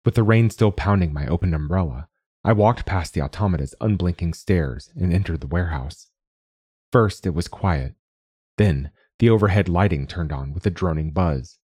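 A man narrating a short story in a steady, measured way. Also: sits low, breathy edge, no echo, clean studio sound. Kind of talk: scripted narration.

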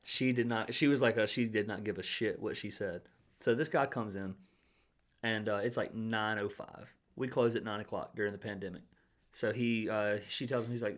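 A young man and restaurant manager in casual chat, telling animated stories, swearing freely and acting out what others said. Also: lowish voice, normal speed.

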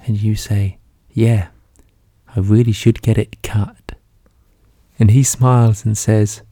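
Whispered role-play narrator: man with a dark, husky voice, slow and deadpan, dry close mic. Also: on the low side, dry recording.

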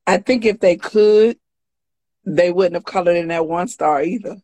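A blunt, defiant woman talking casually and cracking jokes. Her voice sits at a middle pitch. It is recorded dry and close, with no room sound. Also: normal speed, warm tone, no echo. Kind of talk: casual chat.

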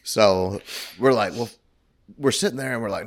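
A man with a slightly low voice tells a rambling, profane anecdote in casual podcast chat. He drifts from one detail to the next and swears freely along the way. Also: moderate pace. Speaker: podcast co-host.

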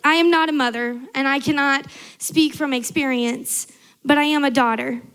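A woman's voice: high-pitched, steady tone, moderate pace, a bit bright. A young adult woman preaching a sermon to a large church, earnest and emphatic, building through repetition.

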